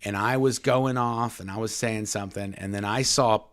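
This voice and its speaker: Low-voiced male podcast co-host. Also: steady tone, moderate pace. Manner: chatty, reads viewer comments aloud, addresses "folks". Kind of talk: casual live Q&A chat.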